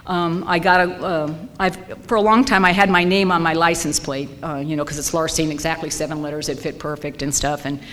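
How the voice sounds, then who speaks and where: A woman in her sixties sharing a personal story with a recovery group, blunt and salty, growing loud and laughing. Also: low-pitched, steady tone, a little fast, hardly any pauses, big-room sound. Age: 60s.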